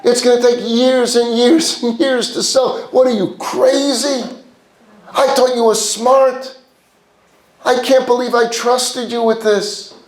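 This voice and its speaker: A man's voice: a little high, animated, moderate pace, a little mellow, close to an everyday voice. A man voicing an exasperated father who scolds his son, talking in a raised, incredulous way. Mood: incredulous scolding. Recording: roomy echo.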